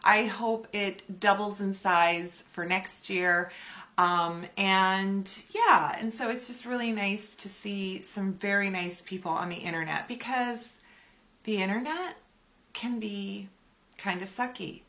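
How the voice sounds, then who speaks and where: Chatty woman in her forties, bright voice. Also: medium pitch, slow. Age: 40s. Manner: chatty, animated, acts out quoted voices. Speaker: beauty YouTuber. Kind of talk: casual chatty vlog.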